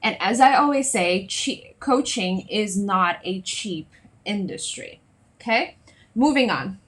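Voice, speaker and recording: A woman coach talking to her viewers on a live stream, chatty and lively, often checking in with "right?" and "okay?". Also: mid-range voice, slow. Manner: lively, acts out little scenes in other voices. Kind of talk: solo Facebook Live talk to viewers.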